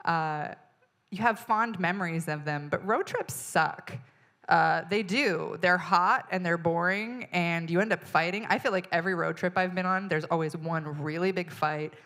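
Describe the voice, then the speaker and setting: A woman comedian from the United States telling a story on stage in an animated, exasperated way, acting out the people in it. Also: fairly low pitch, moderate pace. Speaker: stand-up comedian. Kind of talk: stand-up storytelling. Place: stage in front of an audience.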